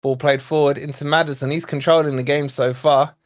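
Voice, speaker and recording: Excitable fan commentating live. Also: male voice, a little high, brisk. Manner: excitable, shouts at chances and fouls; chatty, talks to viewers and co-host. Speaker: fan channel host. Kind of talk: live watch-along commentary.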